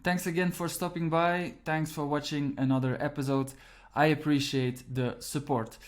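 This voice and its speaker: A man's voice: fairly high pitch, little pitch movement, normal speed. A man who teaches a grammar lesson in English. He explains step by step and repeats the key points. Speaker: Dutch language teacher. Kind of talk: online language lesson.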